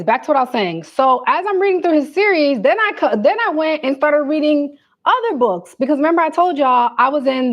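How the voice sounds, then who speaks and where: A young woman with a slightly high voice talks to her viewers on a livestream, animated and loose, full of slang and asides. The sound is dull and lo-fi, like a phone stream. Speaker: livestream host. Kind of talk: casual livestream chat.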